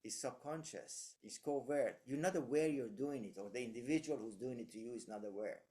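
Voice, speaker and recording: A man's voice: mid-range voice, a little fast, dark tone. A man giving leadership advice in casual conversation, reflective and anecdotal, with frequent fillers and restarts.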